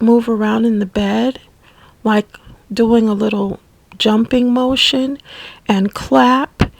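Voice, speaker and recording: Slow, husky woman telling a memory. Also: on the high side, dry recording, low-quality recording. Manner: slow, halting, soft-spoken. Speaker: memoir narrator. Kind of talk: personal storytelling.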